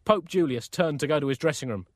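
A man co-hosting a comedy podcast, reading scripted satirical news in a deadpan, wordy style. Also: on the high side, fast talker, no room sound, clean studio sound.

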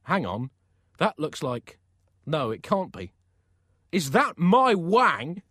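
A man voicing a blustering, short-tempered old pope in a comic story, shouting and exasperated. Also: medium pitch, very animated, slow, no room sound, studio quality, exaggerated voice. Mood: furious.

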